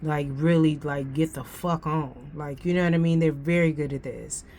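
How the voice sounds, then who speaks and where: A woman's voice: sits low, steady tone, moderate pace, mellow, a little hiss or hum. A woman giving a casual tarot reading, thinking aloud in a slangy way and repeating phrases as she goes. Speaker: tarot reader.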